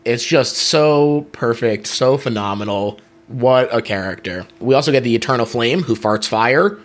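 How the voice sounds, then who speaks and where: A man's voice: mid-range voice, lively intonation, moderate pace. A man hosting a movie podcast, recapping scenes in an upbeat way and laughing as he goes. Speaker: podcast host. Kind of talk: casual movie chat.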